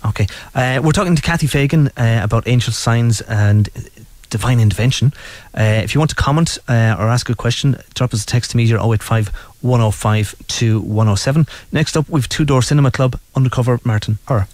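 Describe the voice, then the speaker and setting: Radio host guy, talks fast and brisk, dry close mic. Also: medium pitch, darkish tone, no echo. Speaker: radio presenter. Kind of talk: radio interview.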